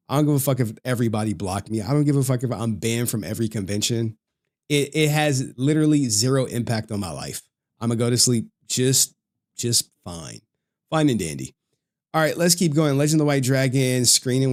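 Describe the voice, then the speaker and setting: Profane, heated livestream host. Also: male voice, mid-range voice. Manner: profane, heated, swearing constantly. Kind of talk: casual livestream rant.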